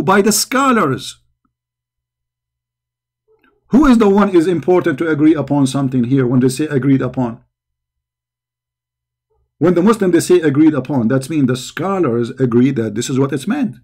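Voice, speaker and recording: A man speaking somewhat high, commenting on a video he is reacting to. He mocks and argues back in a sarcastic way, often repeating words with heat. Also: expressive, normal speed, a little mellow.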